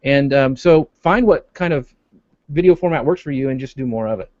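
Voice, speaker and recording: A man chats on a panel in a relaxed, enthusiastic way. His voice is mid-pitched and dry, with no room sound. The call audio is muffled and lo-fi. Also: normal speed, no room sound. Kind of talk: casual panel chat.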